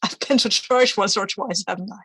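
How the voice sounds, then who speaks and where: Bright-voiced woman rambling at the table. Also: medium pitch, a little fast, husky, no room sound, rough recording. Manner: rambling, self-reassuring, with restarts. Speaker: player. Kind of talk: casual tabletop play.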